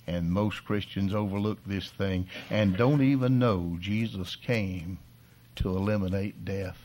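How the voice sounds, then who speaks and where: An older man preaching a sermon in a folksy, animated way, swinging from soft asides to loud exhortation. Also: sits low, a little slow. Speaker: pastor.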